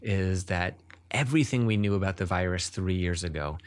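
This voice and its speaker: A man with a very low voice, speaking as a neurologist in an interview. He talks earnestly and at length, often stopping to restart a sentence before he carries the explanation on. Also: moderate pace. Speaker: neurologist guest.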